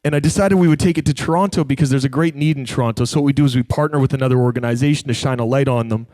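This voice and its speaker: A man stands on a stage and tells a personal story to a live audience, acting out the voices of the people in it. His voice is mellow and warm, and the sound is dry and close to the mic. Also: medium pitch, very fast, no echo. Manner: animated, acts out quoted voices. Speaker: speaker.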